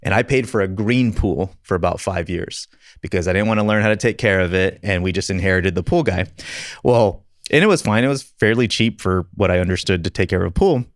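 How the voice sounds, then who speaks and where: A man's voice: low-pitched, brisk, no echo, clean studio sound. A man hosting a podcast conversation, telling stories in a casual, self-deprecating way and laughing often. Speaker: podcast host.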